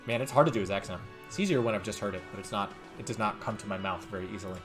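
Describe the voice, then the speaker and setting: A man's voice: fairly low pitch, rapid-fire, hardly any pauses, music in the background. A man hosting a game playthrough, chatting casually and poking fun at himself as he reads the game text. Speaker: let's play host. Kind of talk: casual gameplay commentary.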